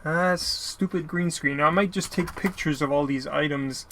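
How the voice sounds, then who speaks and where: A man's voice: fairly high pitch, moderate pace, fairly bright tone, slight background noise. A man casually narrating an unboxing of mail he received, rambling and apologizing often. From Canada. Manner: rambling, apologetic, lots of filler. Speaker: YouTuber opening mail.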